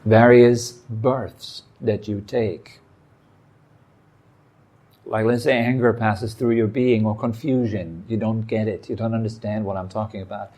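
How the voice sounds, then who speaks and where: A man giving a meditation talk, calm and reflective, speaking in short phrases with pauses. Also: lowish voice. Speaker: meditation teacher. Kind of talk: dharma talk. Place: meditation hall.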